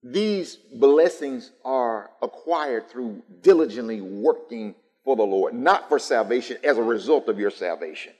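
A man's voice: mid-range voice, animated, measured pace, hardly any pauses, a little mellow. A man preaching a sermon to a live congregation, building through emphatic repetition. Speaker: pastor. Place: church sanctuary, live-streamed. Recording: long church reverb.

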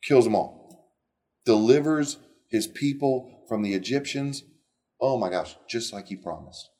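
A middle-aged man retelling Bible stories in an animated, conversational way, with frequent restarts. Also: medium pitch, unhurried. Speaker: Bible teacher. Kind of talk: casual Bible storytelling.

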